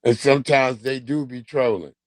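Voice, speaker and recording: A man's voice: medium pitch, moderate pace, dry recording. A man chats on his livestream in a loose, profane way, breaking into laughter as he tells stories. His voice sits close to the mic in a dry, dead room. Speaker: livestream host. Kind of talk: casual livestream commentary.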